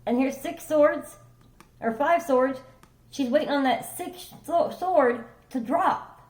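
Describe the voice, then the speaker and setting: This tarot reader is a woman with a high voice who takes her time. She rambles through the reading in a loose, conversational way, curses casually, and keeps asking "okay?" or "right?", all in an echoey room.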